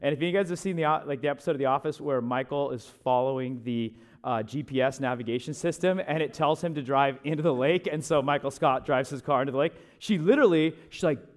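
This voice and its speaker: Young male pastor, fairly high voice, lively sermon storytelling, chatty asides. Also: fairly quick. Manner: animated, chatty storytelling with laughs and asides to the audience.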